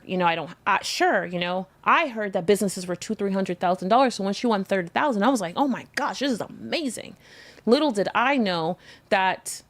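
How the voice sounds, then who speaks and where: A woman's voice: medium pitch, gravelly. A woman hosting a live show, telling a personal story frankly and emotionally, talking straight to her viewers and swearing now and then. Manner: candid, emotional, talks to viewers directly, swears. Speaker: host. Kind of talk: casual storytelling livestream.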